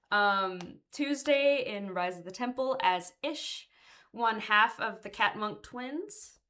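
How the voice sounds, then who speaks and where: A woman's voice: mid-range voice, bright, forceful tone. A woman producing a tabletop gaming stream, chatting in a bubbly way with laughter and the odd swear. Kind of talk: casual stream introduction.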